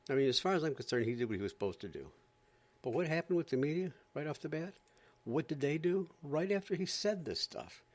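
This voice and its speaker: A man's voice: on the high side, expressive, fairly quick, a little mellow. A man hosting a podcast, ranting in an exasperated, sarcastic way and often repeating himself. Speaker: podcast host. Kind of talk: ranting commentary.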